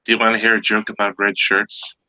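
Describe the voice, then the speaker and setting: A man with a low-ish, bright voice rambles through jokes in casual chat, stumbling over fillers. His voice sounds dry and close. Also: little pitch movement, a little fast, dry recording, low-quality recording.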